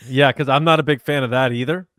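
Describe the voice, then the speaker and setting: A man's voice: mid-range voice, steady tone, quick pace, fairly bright tone, clean tone, no room sound. A man co-hosting a podcast in casual chat, dropping short dry asides. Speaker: podcast co-host.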